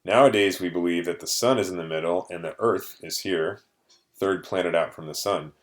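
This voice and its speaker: Male teacher, low voice, patient vocabulary explainer with filler pauses. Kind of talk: vocabulary lesson to students.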